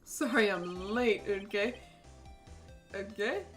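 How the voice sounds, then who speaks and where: A woman voicing a jovial middle-aged male police chief who talks in a slow, booming, folksy way. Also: faint music behind, close to an everyday voice. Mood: jolly.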